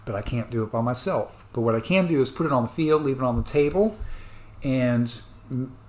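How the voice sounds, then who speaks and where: A man rambling through an earnest, apologetic rant as a commentator reacting to the news, breaking into sudden loud bursts. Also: medium pitch, expressive, fairly quick, echoey room. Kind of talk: rambling ranting monologue.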